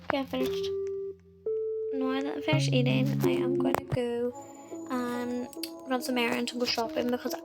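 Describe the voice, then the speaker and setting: A British woman with a high voice narrates her game roleplay in a loose, rambling way, filling gaps with "like" and "um". Her throat is sore. Loud music plays under her voice the whole time. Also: completely flat delivery, moderate pace, long pauses, rough recording. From United Kingdom. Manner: rambling, many "like" and "um" fillers. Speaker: roleplay gamer.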